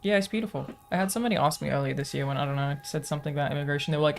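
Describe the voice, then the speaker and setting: A woman streaming a game, chatting casually and telling stories in an animated way, swearing freely. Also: deep voice, racing, vocal fry, few pauses.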